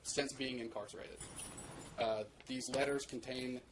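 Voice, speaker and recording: A man's voice: medium pitch, steady tone, measured pace. A man arguing as an attorney in a courtroom, urgent and repeating words as he presses his points to the judge. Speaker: attorney for the plaintiff. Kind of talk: courtroom argument. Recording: noisy courtroom recording.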